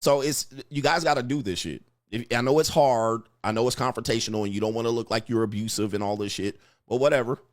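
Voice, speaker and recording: Blunt male advice host, crude and mocking, mid-pitched voice, dry close sound. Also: fast, few pauses, no echo. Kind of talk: profane commentary rant reacting to comments.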